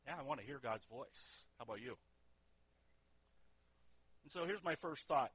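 A man's voice: a little high, expressive, normal speed, long pauses, a bit bright, breathy edge, no echo. A middle-aged man preaching a sermon as pastor, in a conversational way that often asks the congregation questions.

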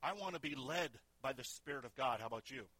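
A man's voice: medium pitch, expressive, quick pace, sharp tone, no echo. A middle-aged man preaching a sermon as pastor, in a conversational way that often asks the congregation questions.

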